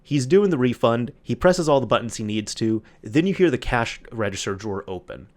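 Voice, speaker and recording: Man telling a store story, animated. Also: mid-range voice, a little fast. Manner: animated retelling with quoted voices, frequent restarts. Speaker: podcast host. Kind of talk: casual solo storytelling.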